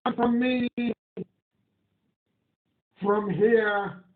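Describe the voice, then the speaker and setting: A man's voice: high voice, steady tone, very slow. A man with a Nigerian accent giving a live radio broadcast, reading listener messages in an emphatic, indignant, repetitive way. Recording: tinny phone-like audio, echoey room.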